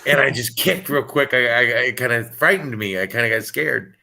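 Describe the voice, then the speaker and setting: A man tells a personal story over a video call, his voice bright and clear. He talks casually and haltingly, often restarting and repeating words. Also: medium pitch. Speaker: caller sharing a story.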